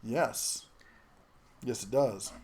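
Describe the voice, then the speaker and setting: A middle-aged man hosting a live tool show, chatting casually and reading viewer comments in a rambling, halting way with many fillers. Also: medium pitch, a crowd in the background.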